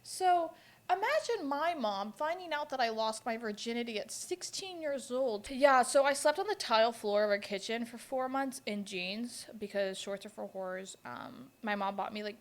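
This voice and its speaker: A woman's voice: medium pitch, normal speed, few pauses. A woman in her twenties hosting a podcast, telling personal stories in a blunt, profane and laughing way. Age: 20s. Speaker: podcast host. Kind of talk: casual storytelling chat.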